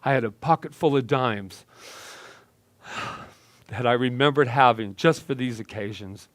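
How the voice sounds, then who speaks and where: A male minister telling a personal story in a slow, deliberate, dramatic way. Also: medium pitch, no room sound. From United States.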